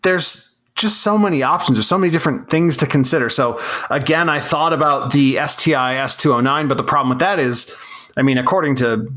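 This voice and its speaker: A man's voice: fairly high pitch, a little fast, sharp tone. A man co-hosting a casual car podcast, rambling and reasoning aloud with frequent restarts. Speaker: podcast co-host.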